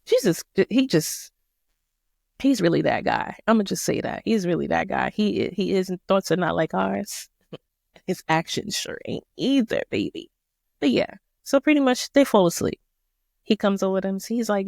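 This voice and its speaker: Gravelly woman, slangy Bible talk. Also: medium pitch, very animated, moderate pace, darkish tone, no echo, clean studio sound. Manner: slangy, emphatic, conversational. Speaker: podcast host. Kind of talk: casual Bible study talk.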